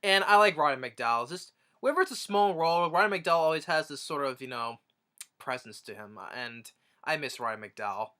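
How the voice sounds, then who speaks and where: A man's voice: on the high side, expressive, a little fast, bright, forceful tone. A man casually retelling a movie's plot as a reviewer, rambling with many restarts. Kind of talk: casual film review recap.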